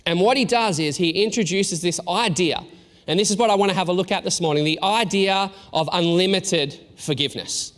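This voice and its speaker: A man in his thirties, a pastor, giving a sermon in a casual storytelling way with halting restarts and self-deprecating asides. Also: high-pitched, fairly bright tone. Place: church hall. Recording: long reverb in a large room.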